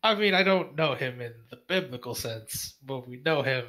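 Man, tabletop player, casual, joking, swears a lot, mid pitch. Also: lively intonation, normal speed, bright, forceful tone. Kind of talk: casual tabletop game play.

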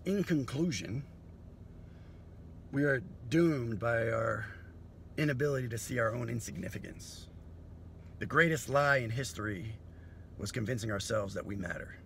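A man's voice: medium pitch, moderate pace, gravelly, pauses often, a little hiss or hum. A man comedian delivering a profane, philosophical monologue.

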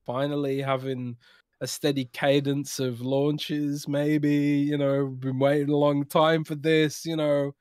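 A man with a somewhat high voice chats on a podcast in an easygoing, thoughtful way, laughing now and then. His voice is recorded dry and close. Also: slow pace, smooth, no room sound. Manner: relaxed, musing, laughs easily. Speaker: podcast co-host. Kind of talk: casual podcast chat.

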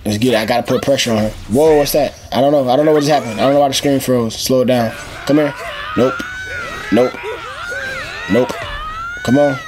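A young man giving excited, trash-talking commentary as he plays a fighting game. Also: medium pitch, brisk, pauses often, noisy background. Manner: excitable trash talk, shouting at the screen. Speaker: gaming channel host. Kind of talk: live gameplay commentary. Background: game music.

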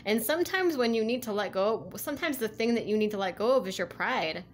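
A woman's voice: a little high, lively intonation, brisk, a little hiss or hum. A woman giving a casual spiritual tarot reading, rambling and full of "like" and "you know", laughing easily. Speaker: tarot reader.

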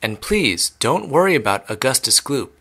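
A man voicing an eccentric, excitable male chocolate maker who talks in hurried, gleeful exclamations. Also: medium pitch. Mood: excited.

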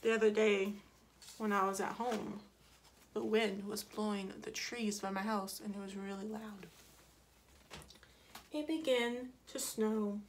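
A woman's voice: medium pitch, steady tone, measured pace, pauses often, slight background noise. A woman reading a picture book aloud to children in a playful way. She asks them questions and acts out the sound effects, with small asides and corrections along the way. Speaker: children's story reader.

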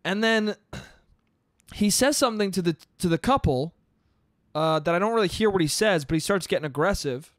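A man's voice: high-pitched, animated, moderate pace, no room sound, studio quality. A man hosting a solo podcast, telling a story in a rambling, profane way and laughing at his own jokes. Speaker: podcast host. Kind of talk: casual storytelling monologue.

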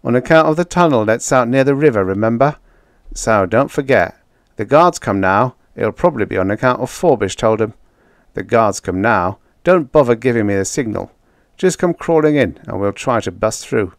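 A man voicing a burly male convict who growls his words in rough, slangy speech. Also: mid-range voice, lively intonation, moderate pace, dry recording, clean studio sound, close to an everyday voice. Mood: urgent. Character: gruff burly male convict, blunt and impatient.

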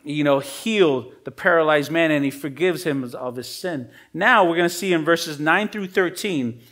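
A male pastor preaching a sermon in a casual, conversational way with everyday slang. He swings between emphatic rises and quiet, trailing drops. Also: a little high.

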